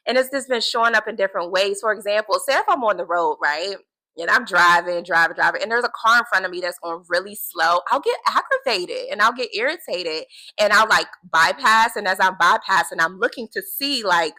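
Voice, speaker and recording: A woman talking to camera in a casual faith vlog, earnest and animated, repeating words for emphasis. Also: mid-range voice, normal speed, gravelly, low-quality recording. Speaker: vlogger keeping a video journal.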